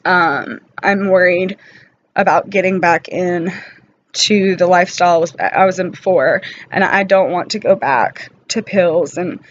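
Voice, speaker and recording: A woman talking in an unscripted personal vlog, weary and emotional from pain, halting and apologetic with many pauses and fillers. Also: lowish voice, highs cut off, a little hiss or hum. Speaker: vlogger.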